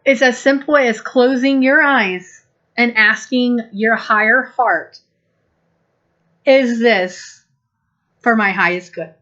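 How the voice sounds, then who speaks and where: A woman giving a channeled spiritual talk, speaking slowly, gently and deliberately, and acting out small quoted exchanges. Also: a little high. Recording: dull lo-fi recording.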